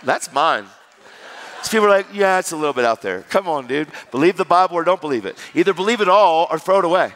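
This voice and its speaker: A middle-aged man preaching his personal testimony in a conversational style, swinging between loud and hushed. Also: on the high side, animated, fast, a little hiss or hum. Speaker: evangelist. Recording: long reverb of a large hall.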